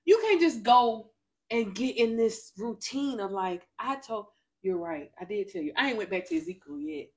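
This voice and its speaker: A woman co-hosting a casual faith podcast, talking in an animated, testifying way with quick interjections. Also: fairly high pitch. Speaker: podcast co-host.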